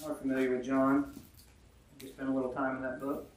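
A man preaching a sermon, reading scripture verses slowly and with emphasis, then explaining them in plain words and putting questions to his listeners. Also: medium pitch, monotone, distant mic, slight background noise. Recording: very echoey room, voice from afar.

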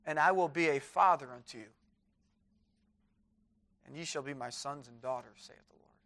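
A man's voice: on the high side, normal speed, gravelly, fairly bright tone. A man preaching a sermon in a chapel, reading scripture aloud with fervor.

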